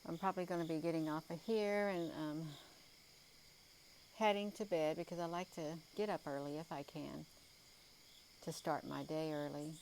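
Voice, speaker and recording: A woman's voice: sits low, fairly even intonation, moderate pace, long pauses, a little mellow, slight background noise, low-quality recording. A tired woman chatting live outdoors at night, rambling with many ums and calling her viewers "you all". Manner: rambling, full of ums and uhs. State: tired, yawning. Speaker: livestream host. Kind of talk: casual live sky-watching chat.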